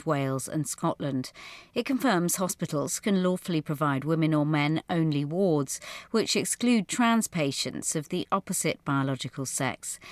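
A woman reading the news in a measured, formal way. Her voice sits quite low. The sound is dry and close. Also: no room sound. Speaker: newsreader.

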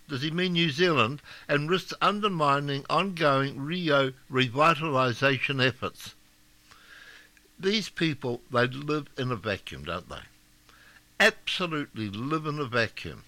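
A man's voice: on the high side, expressive, measured pace, pushed and bright, no room sound. An older man from Scotland hosting a talk show, giving blunt, mocking opinion commentary. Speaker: radio talk host.

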